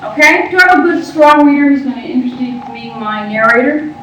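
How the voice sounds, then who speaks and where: A woman teacher leading a group reading, brisk and directive, prompting the room. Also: sits high. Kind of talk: classroom teaching. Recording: echoey room from far off, faint noise.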